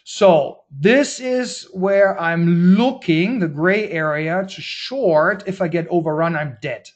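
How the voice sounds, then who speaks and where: A man hosting a trading webinar, talking through market charts in a brisk, blunt, informal way, with slang and frequent restarts. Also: high-pitched. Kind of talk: casual market-analysis webinar talk.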